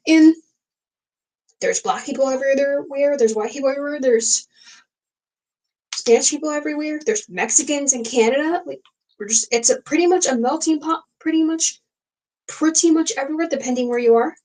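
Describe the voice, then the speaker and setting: A woman's voice: high voice, moderate pace, pauses often, darkish tone, rough recording. A young woman hosting a casual late-night livestream, talking frankly and rambling with many fillers and restarts. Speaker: livestream host.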